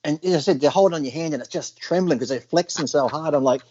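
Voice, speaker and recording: A man co-hosting a podcast, telling animated stories in casual chat and laughing often. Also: fairly high pitch, fast talker, dull audio. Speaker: podcast co-host.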